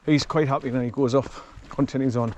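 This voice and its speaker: A man's voice: mid-range voice, steady tone, fast, a little mellow, a little hiss or hum. A man chatting casually while walking his dog along a forest track, rambling and chuckling often, recorded on a camera he carries. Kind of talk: casual walking vlog commentary.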